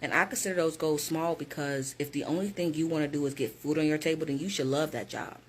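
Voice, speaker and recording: A woman's voice: deep voice, steady tone, fast talker, breathy edge. A woman who works as a hiring manager, talking straight to her viewers in a direct, emphatic motivational vlog.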